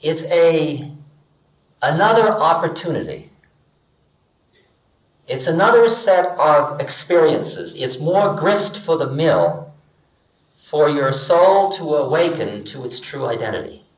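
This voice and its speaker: An older man giving a relaxed spiritual talk, telling stories and acting out bits of dialogue with humor, in an archival lecture recording. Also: fairly high pitch, slow pace, long pauses, roomy sound, lo-fi sound. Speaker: spiritual teacher.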